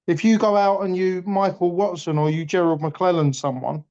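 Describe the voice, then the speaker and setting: A fired-up man talking boxing in casual chat, blunt and quick to swear. His voice sits a touch high for a man. The recording is dull and lo-fi. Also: gravelly, a little mellow. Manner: blunt, passionate, swears freely. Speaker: boxing pundit. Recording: dull lo-fi audio.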